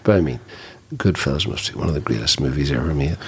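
A man's voice: rumbling low, lively intonation, quick pace, husky. A man hosting a podcast, teasing his guest with wry, dry humour. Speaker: podcast host. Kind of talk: casual podcast chat.

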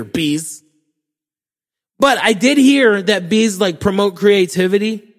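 A young man tells a comic monologue in a fairly high voice, swearing freely and mocking himself. He talks in an animated way, and long reverb rings behind his voice. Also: measured pace. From Florida, USA. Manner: profane, animated, self-mocking. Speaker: podcast host. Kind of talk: comedic storytelling monologue.

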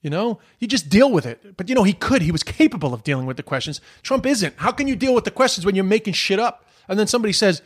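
A man's voice: high-pitched, animated, quick pace, few pauses, breathy edge. A man, ranting about politics in a heated, exasperated, profane way. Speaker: commentator. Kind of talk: political opinion rant.

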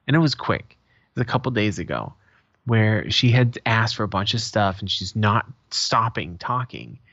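A man's voice: on the low side, moderate pace, no room sound. Male podcast co-host, casual and profane, acts out his stories; muffled, dry home audio. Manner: profane, animated storyteller who acts out quotes. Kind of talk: casual chat.

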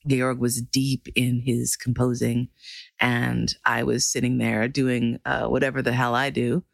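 A woman's voice: very deep voice, little pitch movement, measured pace, vocal fry, no echo, studio quality. A woman performer telling a personal story in a casual way, laughing often and swearing casually.

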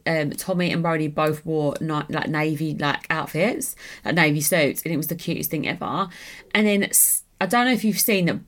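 A young woman, chatting casually and rambling with lots of fillers as a podcast host. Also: lowish voice. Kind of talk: casual solo chat.

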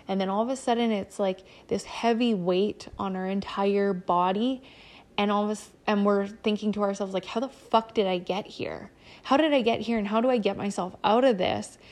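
A woman in the middle of her natural pitch range talks straight to her listeners in a solo motivational podcast episode. Her delivery is loose and unscripted, full of "like" and "you know", and she swears now and then as she coaches her audience. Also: darkish tone. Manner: casual, candid, filler-heavy with frequent "like" and "you know"; occasional swearing. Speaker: podcast host and business coach.

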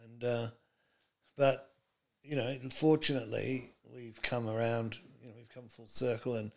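A middle-aged man rambles through stories, stopping often to restart his sentences. His voice has a gravelly, creaky edge. He sits at a middle pitch and speaks as a podcast guest. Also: little pitch movement, a little slow. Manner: rambling, many fillers and restarts. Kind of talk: casual interview chat.

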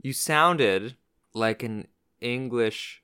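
A man's voice: medium pitch, drawn-out words, sharp tone, clear, resonant tone. A man co-hosting a casual podcast, joking, laughing often and stopping to ask for clarification. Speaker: podcast co-host.

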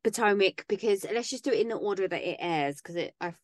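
A woman's voice: medium pitch, animated, fast, dry recording, clean studio sound. A woman co-hosting a podcast in casual chat, sarcastic and chatty, tripping over words now and then. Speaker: podcast co-host.

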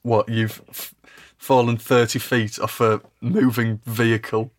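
A man's voice: mid-range voice, flat delivery, measured pace. A man co-hosting a casual comedy podcast chat, laughing often and teasing his friend. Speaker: podcast co-host.

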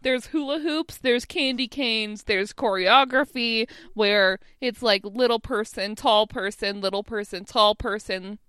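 A woman co-hosting a podcast, recapping an episode in casual chat with frequent laughs and quick asides. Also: fairly high pitch, fairly bright tone, smooth, no room sound, studio quality. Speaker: podcast co-host.

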